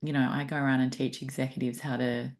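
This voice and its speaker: A woman's voice: rumbling low, flat delivery, fast talker, darkish tone. A woman hosting a podcast, talking reflectively and thinking aloud in a casual interview. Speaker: podcast host.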